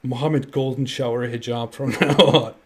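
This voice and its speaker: Sarcastic man with halting restarts. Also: medium pitch, steady tone, husky. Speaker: co-host. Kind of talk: casual live-stream chat.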